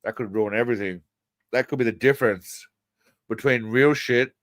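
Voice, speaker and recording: Brief: male streamer, crude and mocking, rambling commentary, mid pitch, dry sound. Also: moderate pace, no echo. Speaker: livestream host. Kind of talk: casual livestream commentary.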